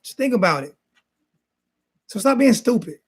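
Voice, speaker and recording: A man's voice: sits high, very animated, moderate pace, husky. Fired-up man ranting about football. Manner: repetitive, insulting, fired-up ranting. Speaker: sports talk show host. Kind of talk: heated casual sports rant.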